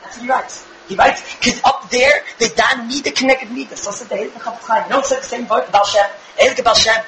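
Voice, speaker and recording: A young man giving an animated religious lecture to a live audience, firing rhetorical questions with bursts of shouting. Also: extremely high pitch, brisk, echoey room, background noise. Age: young adult. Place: room with an audience.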